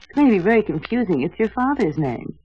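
A woman's voice: mid-range voice, sing-song, fast talker, loud music behind the voice, lightly acted. A woman playing a fussy, doting mother who nags her grown son in a motherly way, in a 1960s radio comedy sketch. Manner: nagging, motherly, reasonable. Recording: dull old radio broadcast.

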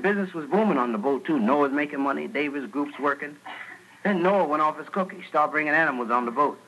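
A man with a high voice tells a comic tale in jive street talk. It comes through a noisy old radio broadcast. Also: fast. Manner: jive street-talk retelling of a Bible story, shrill put-on screams. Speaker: stand-up comedian. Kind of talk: stand-up storytelling.

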